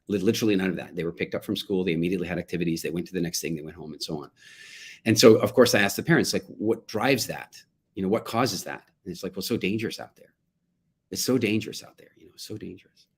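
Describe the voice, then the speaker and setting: A man's voice: deep voice, breathy edge. A middle-aged man speaking to parents, telling a family story and acting out the quotes. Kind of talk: talk to parents.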